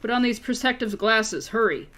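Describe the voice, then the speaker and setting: A woman voicing a tall, ant-like male alien thief who speaks in a polite, measured, formal way. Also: fairly high pitch, expressive, fairly bright tone.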